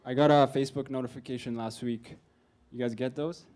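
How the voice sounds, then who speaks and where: A man's voice: medium pitch, steady tone, brisk, a little mellow, slight background noise. A man in his twenties performing a stand-up comedy set on a club stage, talking casually and with plenty of swearing. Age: 20s. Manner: profane, conversational, acts out quoted characters.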